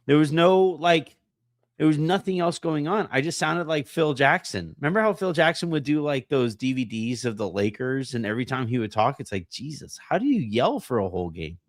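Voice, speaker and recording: A man hosting a casual podcast, hoarse from a voice that partly went away, rambling and self-deprecating with lots of fillers and restarts. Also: a little high, fairly quick, no room sound, clean studio sound. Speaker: podcast host.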